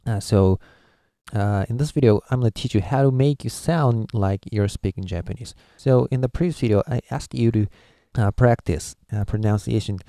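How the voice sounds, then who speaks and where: Low, mellow-voiced man teaching a lesson. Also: no room sound, studio quality. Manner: halting, full of "uh" pauses, patient. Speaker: language teacher. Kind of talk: explaining a video lesson.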